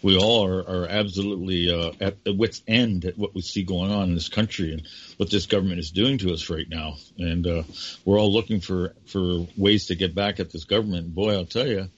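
Older male talk host, husky and low-pitched, rambling and fired up, dull lo-fi audio. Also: steady tone, brisk. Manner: rambling, impassioned, addresses guest by name. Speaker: radio show host. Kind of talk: talk show conversation.

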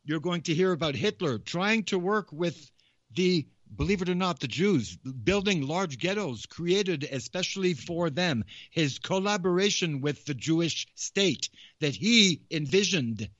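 A man's voice: fairly high pitch, expressive, a little slow, fairly bright tone, no echo. A man hosting a show, giving rambling, repetitive casual commentary. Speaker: podcast host. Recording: slightly muffled, dry recording.

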